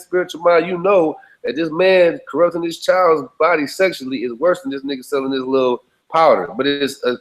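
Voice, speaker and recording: Pitched on the high side and captured in a rough recording, the man keeps up his profane, emphatic street talk. In this casual conversation he is blunt and keeps repeating phrases to check that the listener is with him.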